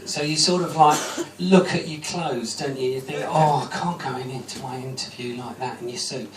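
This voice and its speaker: A man doing a stand-up routine in a small comedy club, rambling and self-deprecating with plenty of ums. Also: mid-range voice. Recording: roomy, distant, noisy club recording.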